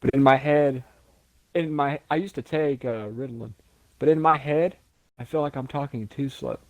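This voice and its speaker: A man co-hosting a casual podcast, who usually talks quickly and stutters. He is trying to slow his speech down and pronounce each word on purpose. His voice is recorded on a dry, close mic. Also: medium pitch, no room sound. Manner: stutters, talks fast, deliberately slowing down. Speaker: podcast co-host. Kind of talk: casual chat.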